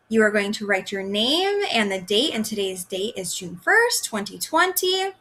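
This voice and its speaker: A woman teaching a recorded first grade phonics lesson, slowly sounding out words for young children. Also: on the high side, bright, forceful tone.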